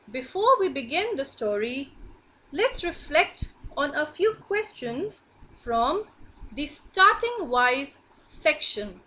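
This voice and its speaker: A woman teacher leads an online reading class for young children. Her high voice swings up and down in a lively sing-song. She speaks slowly and clearly, with a bright tone.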